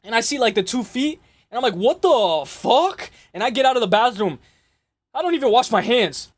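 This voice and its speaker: A young man hosting a casual fight-prediction show, rambling and excitable, repeating himself and swearing often. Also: very high-pitched, fast talker. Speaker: MMA podcast host.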